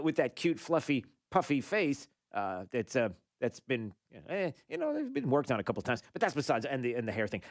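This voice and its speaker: A man's voice: medium pitch, no room sound. Male talk radio host, rambling monologue, lots of fillers, dry close studio sound.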